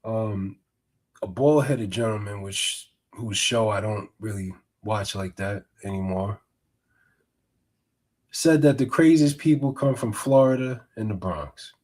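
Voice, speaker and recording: A man hosting a podcast, giving animated, mocking reaction commentary. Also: lowish voice, measured pace. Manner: animated, mocking, swings between mutters and outbursts. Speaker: podcast host.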